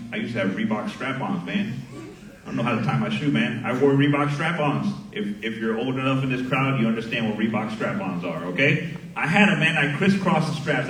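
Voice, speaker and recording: A middle-aged sergeant major from Miami giving a graduation speech at a ceremony, speaking into a podium microphone and telling a story with lively acted dialogue. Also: male voice, medium pitch. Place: large hall at a graduation ceremony. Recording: echoey hall heard from far off.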